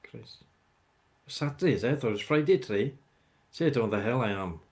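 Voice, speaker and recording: A man's voice: mid-range voice, expressive, fairly quick, darkish tone. A man hosting a casual livestream, rambling as he chats with viewers by name. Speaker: livestream host chatting with viewers. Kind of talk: casual live chat.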